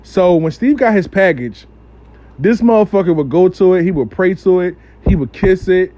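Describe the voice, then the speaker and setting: A man casually telling a story in a slangy, profane, animated way as a spiritual practitioner. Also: high-pitched, moderate pace, lo-fi sound.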